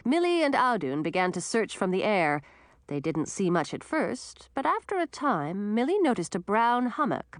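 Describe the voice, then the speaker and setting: A woman reading a children's fantasy storybook aloud, with dramatic, expressive narration. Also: medium pitch, no echo, clean studio sound.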